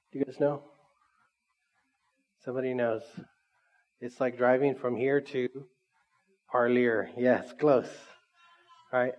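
A man's voice: medium pitch, darkish tone. A man preaching a sermon in a church, conversational and often asking the congregation questions. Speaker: pastor.

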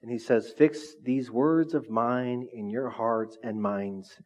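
A man preaching a sermon to a congregation in a relaxed, conversational way, often asking the room questions. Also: medium pitch, slow. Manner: conversational, lively, asks the audience questions. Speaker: pastor. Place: church hall with congregation.

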